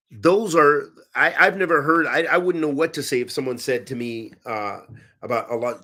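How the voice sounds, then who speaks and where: A man teaching and answering religious questions in a conversational, animated way, often restarting his sentences. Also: medium pitch. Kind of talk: Q&A talk.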